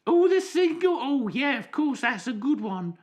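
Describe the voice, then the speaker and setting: A chirpy, dithery woman caller who calls everyone love and sweetheart, as a man puts her on. Her voice sits high and bright. She rambles on as a comedy sketch bit. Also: big pitch swings, moderate pace. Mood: chatty. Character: chirpy woman posing as a pop star.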